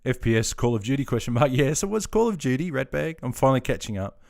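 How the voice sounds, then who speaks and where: Here a mid-range, slightly mellow male voice moves fast with a sing-song, creaky quality. The speaker is a fifty-something Australian live streamer and army veteran who reads out viewer comments, laughs easily, and keeps the chat casual.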